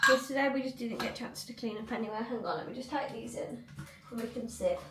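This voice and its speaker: A woman's voice: a little high, fast talker, echoey room, recorded from a distance, heavy background noise. A young woman vlogging in casual chat at home, rambling, with lots of likes and ums. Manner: chatty, rambling, many fillers. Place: cluttered home room.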